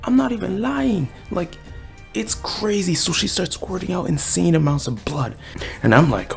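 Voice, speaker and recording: A man giving a casual, excited chapter review, talking in slang and acting out the characters' lines. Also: high-pitched, moderate pace, vocal fry, soft background music. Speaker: anime and manga reviewer.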